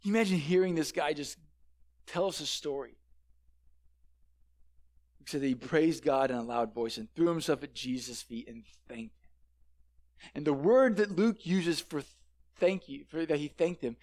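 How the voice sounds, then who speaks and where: Animated, high-voiced male preacher. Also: moderate pace, pauses often. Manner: animated, conversational, repeats words when starting sentences. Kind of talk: sermon. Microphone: headset microphone.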